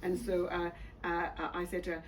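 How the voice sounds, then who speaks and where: A woman interviewer telling anecdotes, halting and restarting, often laughing as she goes. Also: lowish voice, completely flat delivery, far from the mic, slight background noise.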